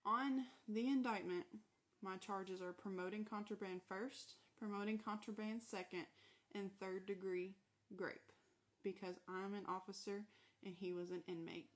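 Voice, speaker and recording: A woman telling her own story in a casual storytime monologue, candid and animated, acting out quoted dialogue with a Southern American way of speaking. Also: medium pitch, measured pace.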